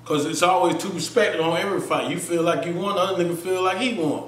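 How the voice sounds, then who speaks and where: Man guest, animated storyteller, high voice, roomy off-mic sound. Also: fast talker, recorded from a distance. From Florida, US. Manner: animated, acts out voices, frequent "you feel me". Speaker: interview guest. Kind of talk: casual storytelling interview. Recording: echoey room, somewhat off-mic.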